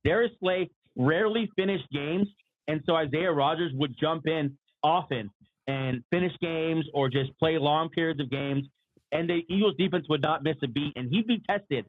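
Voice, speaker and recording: A man co-hosting a casual sports talk livestream, clearing his throat often and slightly losing his voice, over a tinny remote line. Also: on the high side, moderate pace, dry recording. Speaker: podcast co-host.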